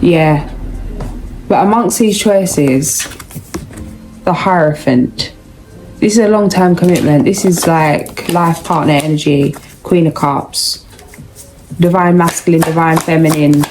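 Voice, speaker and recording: A woman's voice: low-pitched, slow pace, pauses often, music in the background, rough recording. A young woman giving a casual, rambling tarot reading, chatty and full of slang. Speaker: tarot reader.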